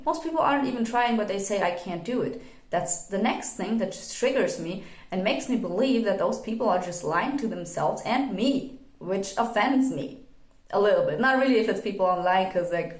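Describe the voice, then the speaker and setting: A young woman giving a blunt, opinionated, sweary monologue to camera in English that is not her first language, sometimes mocking people in put-on quotes. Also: mid-range voice. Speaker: video essayist. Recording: echoey room.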